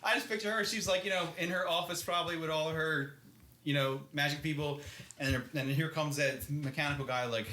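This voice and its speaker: A man's voice: fairly high pitch, brisk, pushed and bright. A man co-hosting a podcast, recapping a book in loose, rambling casual chat, swearing and laughing often. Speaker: podcast co-host. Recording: echoey room.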